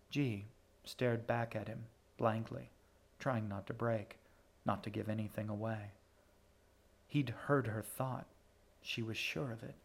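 Man reading an audiobook, steady. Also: on the low side, vocal fry, slightly rough. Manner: steady, measured storytelling. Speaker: narrator. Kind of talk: audiobook narration.

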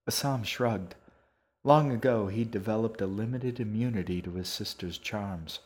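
A man narrating an audiobook in an even, unhurried storytelling manner. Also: lowish voice. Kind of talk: scripted narration.

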